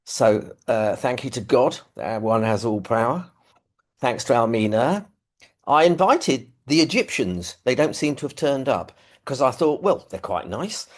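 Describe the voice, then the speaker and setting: A man's voice: mid-range voice, lively intonation, a little slow. London man sharing his story on a video call. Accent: London English. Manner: self-deprecating, rambling with fillers. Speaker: recovery meeting speaker. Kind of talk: personal testimony, casual. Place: living room at home.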